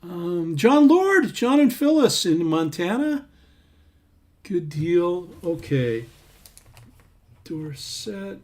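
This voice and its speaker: With a high, sing-song voice, a singer-songwriter talks extremely slowly and pauses often while hosting a casual livestream. He's warm and rambling, reading out viewers' names as he scrolls through comments.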